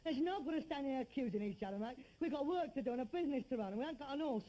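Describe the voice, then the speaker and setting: A man's voice: very high voice, animated, rapid-fire, warm tone, dull audio. A man with a London Cockney accent playing Harold, a weary, sarcastic rag-and-bone son in a 1960s TV sitcom, swinging between mock grandeur and despair. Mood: exasperated. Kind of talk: 1960s television sitcom acting.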